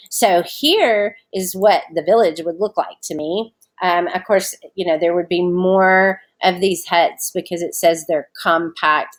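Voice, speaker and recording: A woman teacher records an online lesson from home, explaining a short story in a casual, chatty way sprinkled with fillers. Her voice sits on the low side.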